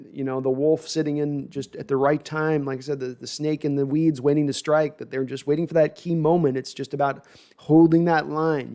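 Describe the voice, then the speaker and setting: Man, gravelly voice, mid-pitched, casual sports stream host, rambling, self-deprecating. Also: darkish tone. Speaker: host reading viewer comments.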